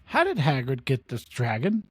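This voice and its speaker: A man co-hosting a podcast in casual chat, lively and laughing as he retells scenes in quoted voices. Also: medium pitch, normal speed, a little hiss or hum. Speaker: podcast co-host.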